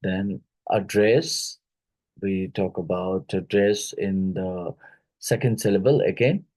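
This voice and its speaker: A man with an Indian English accent leads an exam-prep phonetics lesson at an unhurried pace. His voice sits fairly low and sounds mellow and dark. He hesitates often and repeats each word slowly to show how it is said. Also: fairly even intonation, rough recording. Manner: halting, many fillers, repeats words slowly to model pronunciation. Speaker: English teacher.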